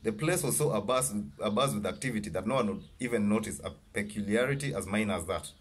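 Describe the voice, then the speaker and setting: A man reading his own novel aloud, halting and correcting himself as he goes. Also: on the low side, breathy edge. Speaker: author.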